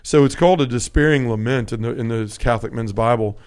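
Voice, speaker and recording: A man's voice: medium pitch, fast, darkish tone, clean tone. A man hosting a casual conversational podcast, speaking in an earnest, heartfelt way with frequent restarts and self-corrections. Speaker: podcast host.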